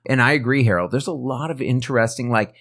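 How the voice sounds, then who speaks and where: Male co-host, casual film talk, animated, hedging, mid-pitched voice. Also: fast talker. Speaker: podcast co-host.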